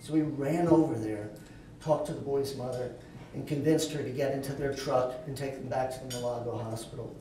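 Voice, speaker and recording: A man's voice: mid-range voice, fairly quick, mellow, a little hiss or hum. A man giving a keynote talk at a dinner event, telling a long anecdotal story with touches of light humor. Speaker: keynote speaker. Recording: echoey hall, voice from far off.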